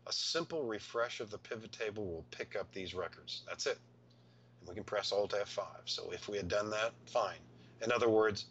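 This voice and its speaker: Male software tutor, lowish crisp voice, walks through steps patiently, slightly muffled recording. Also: slight background noise. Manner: patient step-by-step explaining, thinking aloud. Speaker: software instructor.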